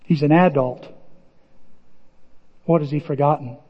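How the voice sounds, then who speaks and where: A man preaching a sermon as pastor, retelling movie scenes with lively acted-out voices. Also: a little high, measured pace. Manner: animated storytelling, acting out movie scenes in voices. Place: church sanctuary. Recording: muffled recording with long hall reverb.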